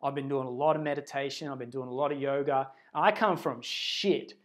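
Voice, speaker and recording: A man giving a livestreamed spiritual pep talk into a phone camera, earnest and rambling, swinging between hushed and loud, blunt and casually profane. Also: mid-range voice, brisk. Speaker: spiritual self-help speaker.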